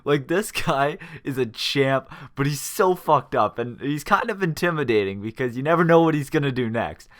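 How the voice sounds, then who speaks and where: Young guy, mid-pitched, animated storyteller, swears freely. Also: moderate pace, hardly any pauses. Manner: animated, swears freely, laughs while telling. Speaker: gaming channel host. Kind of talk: casual storytelling vlog.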